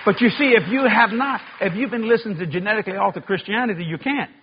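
A man preaching a sermon, telling funny stories with loud, animated bursts of shouting. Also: sits high, fast talker, muffled recording, crowd noise, background noise. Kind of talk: sermon with comic storytelling.

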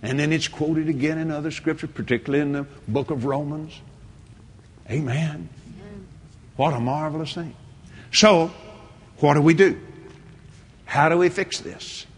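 A middle-aged man preaching a sermon and telling a story, swinging between shouted lines and hushed ones. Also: on the high side, moderate pace, long pauses, slight background noise.

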